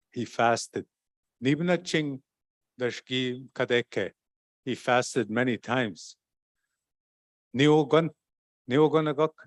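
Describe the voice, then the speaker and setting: A man's voice: medium pitch, dry recording. Man telling an old story, stops and repeats a lot, dry sound. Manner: halting, repeats words, relaxed telling. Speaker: storyteller and speaker at a forum. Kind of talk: oral storytelling talk.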